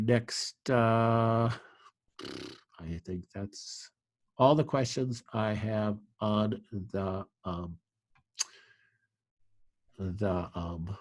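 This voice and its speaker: A man's voice: fairly low pitch, dry recording. A man, a clinic doctor, answering viewer questions in a live webinar, giving earnest, emphatic advice with frequent fillers.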